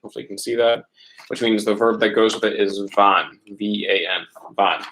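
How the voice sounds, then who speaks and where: A man's voice: lowish voice, brisk, fairly bright tone, a little hiss or hum, poor audio. Guy teaching spanish class, patient, walks through each answer, keeps asking right?. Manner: patient, step-by-step explaining with frequent "right?" checks. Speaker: middle school Spanish teacher. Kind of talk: remote lesson walkthrough.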